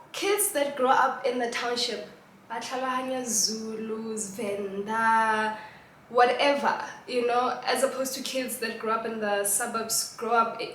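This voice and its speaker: A woman's voice: a little high, a little hiss or hum. A young South African woman hosting a casual talk on language, switching between English and Setswana and laughing often as she explains. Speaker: host. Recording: roomy echo.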